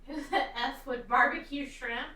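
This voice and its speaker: A woman's voice: high-pitched, moderate pace, bright, forceful tone. A woman from the American South co-hosting a casual chat, with playful, teasing banter. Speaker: co-host. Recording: echoey room, distant from mic.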